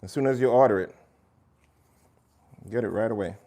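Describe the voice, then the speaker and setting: A warm, lowish male voice delivered at a brisk clip. As chef and host of a casual cooking stream, he cooks in the kitchen, chats with viewers by name, and pushes his cookbook.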